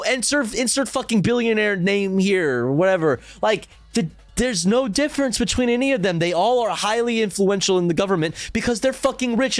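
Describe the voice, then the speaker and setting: Higher-voiced guy ranting and laughing on stream, dry sound, little bit of music behind. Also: dry recording. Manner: swearing, laughing, rambling storytelling. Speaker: streamer reacting to a video. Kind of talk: casual reaction commentary.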